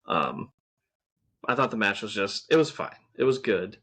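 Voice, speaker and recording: Low-voiced man chatting wrestling casually. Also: big pitch swings, moderate pace, a bit bright. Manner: rambling, frequent ums and restarts. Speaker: podcast co-host. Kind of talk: casual wrestling review chat.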